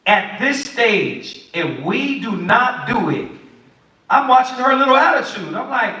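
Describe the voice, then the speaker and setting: A man preaches in a high, bright voice, animated and pointed, acting out little quotes. The mic sits some way off, so he is heard from a distance in a very echoey room. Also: a little slow. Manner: animated, preachy, acts out quotes of kids and parents. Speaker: Bible study teacher. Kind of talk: sermon-style teaching.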